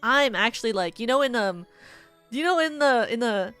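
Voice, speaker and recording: A woman's voice: on the high side, expressive, normal speed, fairly bright tone, smooth, soft background music. Giggly rambling woman streamer. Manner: giggly, rambling, heavy use of "like". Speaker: VTuber streamer. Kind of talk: casual stream chat, rambling hypotheticals.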